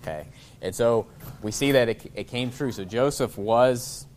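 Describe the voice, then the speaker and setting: A man preaching a sermon in a relaxed, informal way, chuckling often and breaking off to restart his sentences. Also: medium pitch, a little hiss or hum. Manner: reads scripture in a slower, formal cadence. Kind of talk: sermon with scripture reading.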